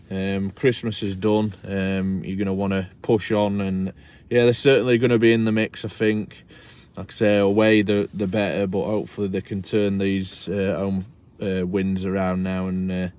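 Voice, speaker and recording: A man's voice: fairly low pitch, darkish tone. A man wrapping up his football vlog, talking casually with lots of hesitations and fillers. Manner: rambling, hesitant with many fillers. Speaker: football vlogger.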